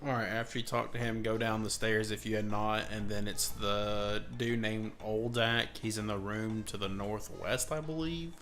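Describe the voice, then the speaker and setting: A man's voice: fairly low pitch, steady tone, normal speed, hardly any pauses, a bit bright, faint music behind. A man co-hosting a game stream, talking in a dry, matter-of-fact way and giving directions. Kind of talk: casual gaming chat.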